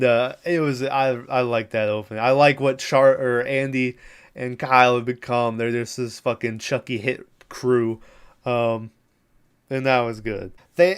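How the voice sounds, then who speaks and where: A young man hosts a podcast, casually and ramblingly recapping a TV show with plenty of fillers and swearing. His mid-range voice has a clean tone and a measured pace.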